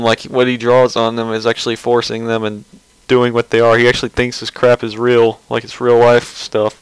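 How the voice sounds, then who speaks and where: A man's voice: mid-range voice, clear, resonant tone, dry recording, poor audio. A man giving casual, rambling commentary on a webcomic page, mocking and sarcastic, often restarting his sentences.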